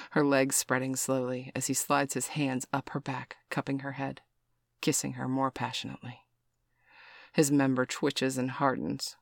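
A man reading an adult story aloud in a slow, soft, even voice. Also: mid-range voice, no room sound, studio quality. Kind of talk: scripted adult story narration.

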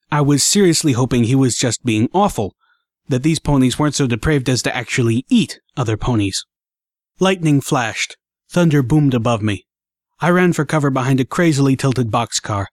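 Man, audiobook narrator, expressive dramatic reading, first-person story, dry close sound. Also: medium pitch, no room sound.

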